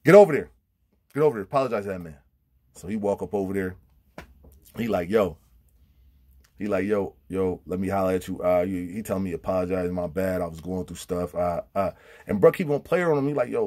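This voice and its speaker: Husky low-voiced man telling prison stories. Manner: animated, acts out quotes with big pitch jumps. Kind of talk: casual storytelling.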